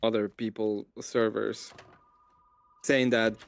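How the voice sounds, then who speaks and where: A man's voice: lowish voice, flat delivery, slow pace, gravelly. A man chatting casually on a stream, laid-back and often chuckling. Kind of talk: casual chat.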